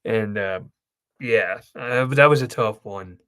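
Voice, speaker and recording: A man's voice: lowish voice, unhurried, a bit bright, clear, resonant tone. A young man hosting his channel, telling an emotional story in a rambling casual way. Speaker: host. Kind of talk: casual chat.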